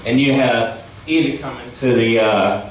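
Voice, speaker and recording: A man's voice: mid-range voice, normal speed, a little hiss or hum. A man doing rambling stand-up comedy as a talent show contestant on a large stage. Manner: rambling, loose and playful. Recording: echoey stage from far off.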